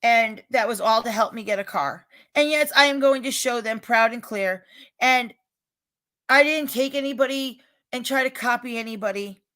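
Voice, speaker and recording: Bright-voiced woman venting to her chat. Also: fairly high pitch, normal speed. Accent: regional American. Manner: rambling, emphatic, restarts often, gets loud when upset. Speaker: livestreamer addressing her chat. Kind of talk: casual chat, defensive and venting.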